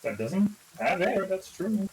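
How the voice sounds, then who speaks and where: A man's voice: high-pitched, big pitch swings, unhurried, a little hiss or hum, poor audio. A man as a player at a tabletop game, blunt and joking, with some swearing. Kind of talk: casual tabletop play.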